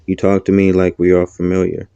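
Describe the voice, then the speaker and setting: Man voicing a grieving hero for an audiobook; self-blaming, flat and low. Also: a little fast, clean tone, dry recording, highs cut off, natural voice. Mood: despairing. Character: grieving, guilt-ridden young man.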